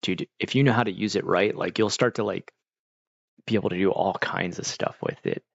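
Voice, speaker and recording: Deep gravelly middle-aged man rambling. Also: fairly quick, no echo. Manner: rambling, laid-back, heavy use of "like" and "dude". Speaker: streamer. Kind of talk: casual chat with live viewers. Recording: dull, dry lo-fi mic.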